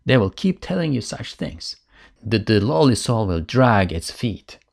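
Gravelly-voiced man giving a religious lecture. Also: fairly low pitch, sing-song, unhurried, darkish tone. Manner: earnest and emphatic, with restarts. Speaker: religious teacher.

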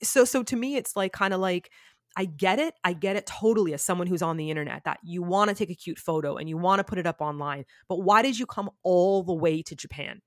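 A woman guest in casual conversation, telling stories with lively acted-out quotes. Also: on the low side, a little fast, dry recording, studio quality. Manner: animated storyteller, acts out quotes. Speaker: podcast guest. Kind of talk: casual chat.

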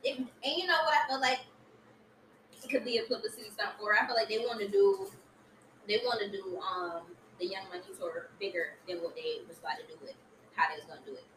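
A woman's voice: mid-range voice, brisk, fairly bright tone, far from the mic. A woman co-hosting a podcast, gossiping casually, chiming in and finishing her partner's sentences. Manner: chatty, chimes in and finishes sentences. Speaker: podcast co-host. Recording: echoey room with faint hiss.

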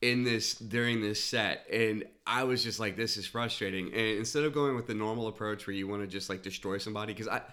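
A man in casual podcast talk, animatedly telling a comedy club story and leaping into high shouts for quoted lines. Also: a little fast, few pauses. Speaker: stand-up comedian and podcast host.

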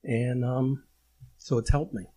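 A man's voice: medium pitch, fairly even intonation, mellow, breathy edge. A man hosting a casual podcast chat, talking with emotion and restarting his sentences often. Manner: emotional, halting, many restarts. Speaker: podcast host.

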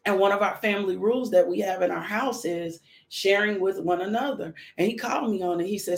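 Gravelly-voiced woman giving earnest testimony. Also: mid-range voice, normal speed, hardly any pauses. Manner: earnest, repeats phrases for emphasis. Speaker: mother sharing faith and parenting lessons. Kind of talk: personal testimony talk.

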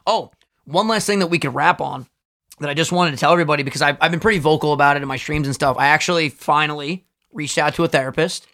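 A man's voice: on the high side, fast, sharp tone. A man in his twenties co-hosting a podcast, chatting loosely with jokes and swearing. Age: 20s. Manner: loose, swearing, jokey banter. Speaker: podcast co-host. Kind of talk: casual podcast chat.

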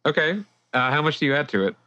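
A man's voice: a little high, lively intonation, fast, sharp tone. A man narrating a tabletop game as game master, casual with lots of fillers, on dull lo-fi audio.

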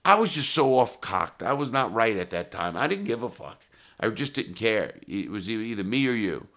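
A man telling crime stories in a casual, profane, blunt street manner, with restarts and sudden loud quoted outbursts. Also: on the low side, big pitch swings, moderate pace. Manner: swings into loud acted quotes. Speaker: storyteller.

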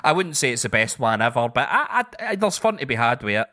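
A man with a bright, forward voice at a middling pitch. He recounts things with lively, profane energy in relaxed chat. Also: quick pace. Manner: sweary, animated storytelling. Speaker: podcast co-host. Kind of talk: casual chat.

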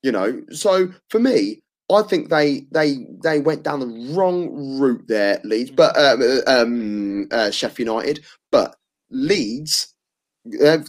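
A man from England hosting a casual football podcast, talking with plenty of fillers and restarts and making confident predictions. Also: mid-range voice. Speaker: podcast host.

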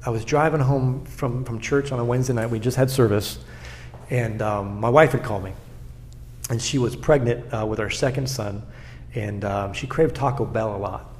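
A man's voice: medium pitch, moderate pace, a little hiss or hum. A man, a pastor from South Florida, talking in an interview in an earnest way and often repeating words as he makes a point. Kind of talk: conversational storytelling interview.

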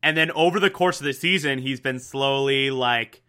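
A man's voice: mid-range voice, moderate pace, bright, forceful tone, clean tone. A young man casually recapping a TV show, enthusiastic and repetitive, with lots of fillers. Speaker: TV recap host.

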